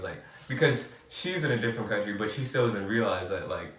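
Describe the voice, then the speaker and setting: A man's voice: lowish voice, fast. Rambling young New York man, roomy. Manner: rambling, heavy "like" filler, animated bursts. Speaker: podcast co-host. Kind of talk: casual chat. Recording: roomy and distant from the mic.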